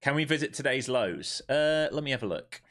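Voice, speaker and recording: A man live-streams his day trading in a medium-pitched, fairly bright voice that's expressive and brisk. Wound up and emphatic, he talks bluntly, swears freely, and fires questions at his viewers before answering them himself.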